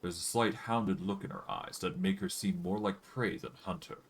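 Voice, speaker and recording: A man's voice: deep voice, moderate pace, a little hiss or hum. A man streaming a fantasy role-playing game, casually thinking aloud and narrating the game's text. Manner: relaxed, thinking aloud with fillers.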